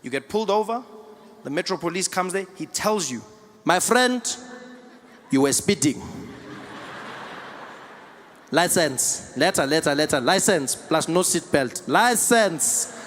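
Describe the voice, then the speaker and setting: A man with a South African accent doing stand-up comedy, animated and playing the people in his stories. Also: a little high, normal speed, long reverb tail, a little hiss or hum. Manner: animated, switches into playful character voices. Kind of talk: stand-up comedy with acted dialogue.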